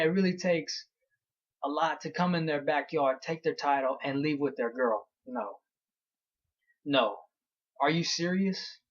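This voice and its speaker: A man's voice: fairly high pitch, breathy edge, dull audio. A young man ranting heatedly through a fight recap, blunt and profane. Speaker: vlogger.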